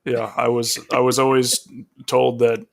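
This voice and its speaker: A man co-hosts a casual podcast and joins over a remote call. He talks slowly, with a dry and serious manner, and his voice sits at a middle pitch. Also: flat delivery, vocal fry. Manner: laid-back and dry, self-described serious. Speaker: podcast co-host. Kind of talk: casual chat.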